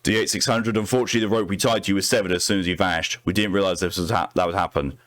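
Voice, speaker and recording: A man reading as a calm clinical doctor. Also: sits low, no echo, clean studio sound. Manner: measured, clinical.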